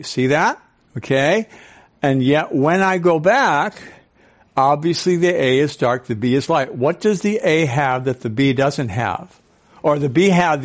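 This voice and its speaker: Older male speaker, sixties, animated, audience questions, storytelling. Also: fairly high pitch. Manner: storytelling with acted-out quotes. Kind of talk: talk to a live audience.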